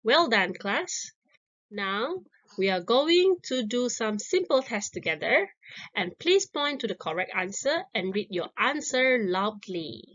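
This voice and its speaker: A woman's voice: on the high side, big pitch swings, a bit bright, lo-fi sound. A woman teaching a simple English lesson to young children, repeating each word and praising the answers. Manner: encouraging, drawn-out words repeated twice.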